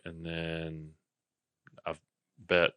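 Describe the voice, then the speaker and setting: A young man co-hosting a podcast in casual chat, low-key and laid-back, often trailing off. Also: monotone, drawn-out words, fairly bright tone, clear, resonant tone, dry recording, clean studio sound. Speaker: podcast co-host.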